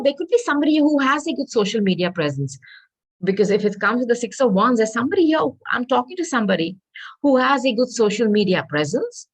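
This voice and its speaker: A woman tarot reader talking her way through a reading, repeating herself and adding hedging asides, clearing her throat as she loses her voice. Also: fairly high pitch, poor audio. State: losing her voice.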